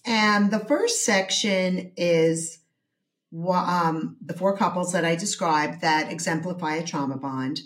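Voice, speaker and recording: A woman therapist and author being interviewed, explaining her ideas in a measured way with some hesitations. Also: lowish voice. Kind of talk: interview conversation.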